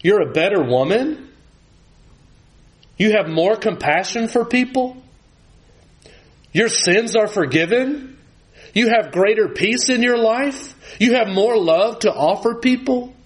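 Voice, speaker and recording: Animated preacher in his forties. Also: takes it slowly, long pauses. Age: 40s. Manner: animated, rising to high emphatic peaks and dropping low for scripture. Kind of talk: sermon.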